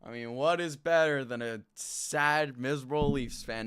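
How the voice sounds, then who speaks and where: A man hosting a live sports talk show, ranting in a frustrated and loud way into a desk mic. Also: medium pitch, moderate pace, clean tone. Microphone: desk mic kept at a distance.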